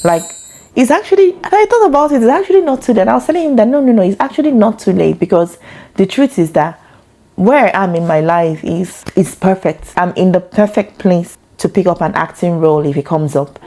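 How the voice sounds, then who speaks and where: A woman, telling her own story in a reflective, expressive way that leaps up in pitch when she gets excited. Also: fairly quick. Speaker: mother sharing her story. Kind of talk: reflective personal talk.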